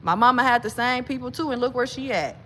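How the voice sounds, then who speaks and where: A woman with a somewhat high voice delivers an emphatic personal monologue to her viewers. She keeps addressing them directly and pushes hard on every point. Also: quick pace, a little hiss or hum. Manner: emphatic, talks straight to viewers as y'all; grows agitated and loud, pitch climbing. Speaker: vlogger.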